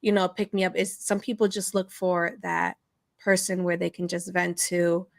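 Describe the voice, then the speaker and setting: Woman co-host with a gravelly fry. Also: fairly low pitch, level tone, normal speed, no echo, studio quality. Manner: earnest, slangy, with fillers. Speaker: podcast co-host. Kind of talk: casual chat.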